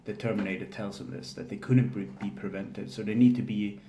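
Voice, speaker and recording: Flat-voiced man recapping a film, echoey room. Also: fairly low pitch, slight background noise. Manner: halting, many fillers and restarts, flat delivery. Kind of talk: casual spoken film recap. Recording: echoey room with faint ambience.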